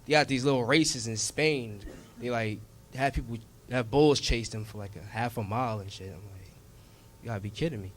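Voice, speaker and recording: A man's voice: mid-range voice, moderate pace, a little hiss or hum. A man doing stand-up comedy, telling a profane story and acting out the characters in it. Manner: profane, animated storytelling with acted-out voices. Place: comedy club stage with a live audience.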